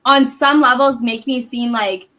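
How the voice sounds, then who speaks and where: Chatty woman guest, high bright voice, animated storyteller. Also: unhurried. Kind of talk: casual podcast chat.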